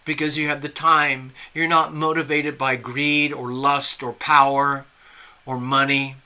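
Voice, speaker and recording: A man's voice: medium pitch, level tone, a little slow, pushed and bright, smooth. A man doing tarot readings on a live stream, telling a story in a chatty, rambling way with restarts and asides. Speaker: tarot reader.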